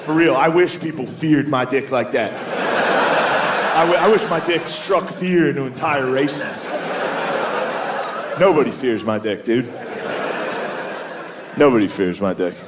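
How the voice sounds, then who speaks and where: In a very noisy live recording from a comedy club stage, a man with a mid-range voice speaks at a measured pace and pauses often. His stand-up set features crude, self-deprecating stories and put-on voices, drawing loud laughter from the live audience.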